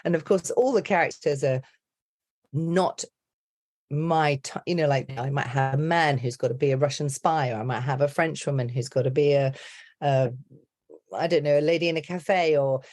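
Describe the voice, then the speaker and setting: Low-voiced British-born woman, chatty coach. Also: normal speed. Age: middle-aged. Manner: animated, chatty, laughs often. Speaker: accent and dialect coach, podcast guest. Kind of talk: casual podcast interview.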